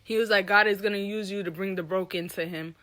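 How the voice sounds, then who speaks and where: A young woman telling a candid personal story with an animated, profane delivery, acting out the people she quotes. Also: mid-range voice, fast talker. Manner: animated, profane, reenacts dialogue.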